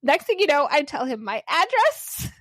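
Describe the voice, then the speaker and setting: A high-voiced woman in her forties with a very lively pitch that leaps up and down as she tells a story. She laughs often and talks in an easy, casual way. The recording is close and dry. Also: moderate pace, no room sound. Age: 40s. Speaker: podcast co-host. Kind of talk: casual chat.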